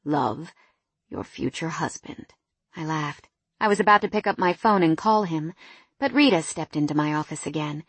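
A woman reading a first-person romance audiobook, expressive and sharp-tongued in the heated dialogue. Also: low-pitched, brisk, breathy edge, no echo. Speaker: audiobook narrator.

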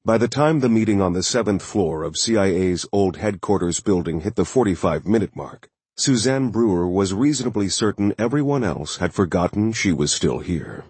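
A man narrating a thriller audiobook in a steady, measured way. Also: low voice, breathy edge, no echo.

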